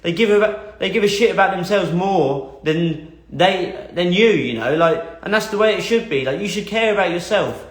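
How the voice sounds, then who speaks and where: A man's voice: high-pitched, animated, moderate pace, hardly any pauses. A young man telling a personal story as a motivational talk, earnest and blunt, swearing and repeating phrases for emphasis. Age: young adult. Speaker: motivational speaker. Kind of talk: motivational monologue. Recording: echoey room.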